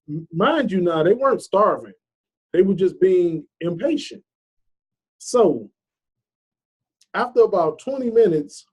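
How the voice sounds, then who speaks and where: A man's voice: high voice, dark tone. A man giving a casual motivational talk, telling a rambling story in an earnest, preachy way with lots of "you know.". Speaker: motivational vlogger.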